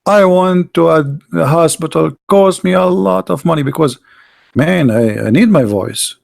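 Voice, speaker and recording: A man's voice: fairly high pitch, measured pace, creaky. Emphatic, scornful man lecturing. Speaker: street debater. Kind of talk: argumentative monologue.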